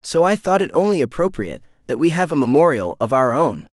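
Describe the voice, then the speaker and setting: A man's voice: on the high side, big pitch swings, a little fast, no room sound, clean studio sound, voice pushed up. A man doing a cocky, teasing young man. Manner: confident, teasing. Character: cocky young man, smug but tender.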